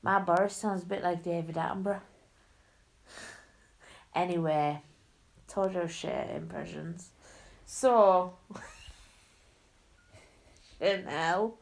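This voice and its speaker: Chatty young woman, unhurried. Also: on the low side, steady tone, creaky. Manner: chatty, gossipy storytelling. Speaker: vlogger. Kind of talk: casual chat.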